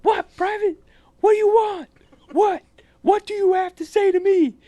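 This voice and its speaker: A man acts out an enraged drill sergeant bellowing at his recruits. The voice is pushed way up into a loud, tight yell. The sound stays dry and close to the mic. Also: fairly even intonation, normal speed, no room sound. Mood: furious. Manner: yelling, high and strained. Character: furious male drill sergeant barking at recruits.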